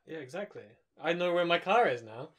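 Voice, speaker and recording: A man's voice: a little high, lively intonation, brisk, a bit bright. A young man co-hosting a podcast, rambling in a laid-back way and swearing often. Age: young adult. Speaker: podcast co-host. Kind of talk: casual chat.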